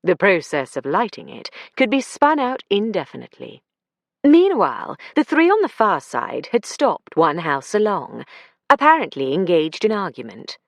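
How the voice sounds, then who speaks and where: A woman narrating a mystery audiobook in an expressive storytelling manner. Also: medium pitch, moderate pace, creaky, dry recording, clean studio sound.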